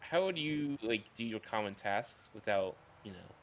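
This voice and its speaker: Lively low-voiced podcast host. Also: male voice, moderate pace, a little hiss or hum. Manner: hesitant, full of fillers. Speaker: podcast host steering the topic. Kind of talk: casual group chat.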